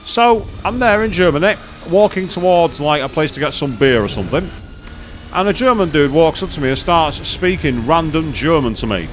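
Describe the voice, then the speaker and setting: A man's voice: a little high, expressive, moderate pace, slight background noise. A man chatting casually and rambling as he streams a racing game live. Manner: rambling, chatty, self-deprecating. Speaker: gaming streamer. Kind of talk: live gameplay commentary and chat.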